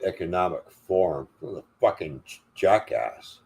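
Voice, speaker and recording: An older man with a low-pitched voice rants on a livestream. He swears constantly and sounds defiant and furious, hammering every point home. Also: expressive, normal speed, creaky. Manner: angry, profane, defiant. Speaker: livestream host. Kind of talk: angry profane rant.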